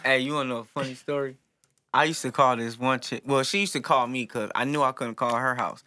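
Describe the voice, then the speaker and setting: A man in casual chat, telling animated stories and acting out what people said. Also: mid-range voice, fairly quick. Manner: animated storyteller, acts out quotes.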